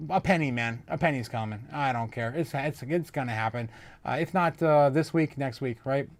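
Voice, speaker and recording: A man hosting a casual crypto livestream, reading viewer comments aloud, excitable and laughing often. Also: mid-range voice.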